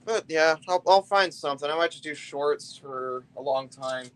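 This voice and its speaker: A man with a voice a touch higher than most, talking in an easy, loose live-stream chat. He rambles and lets his sentences drift off before picking them back up. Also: normal speed, clean tone. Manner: rambling, loose and talkative, often trailing off. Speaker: live streamer building a brick set.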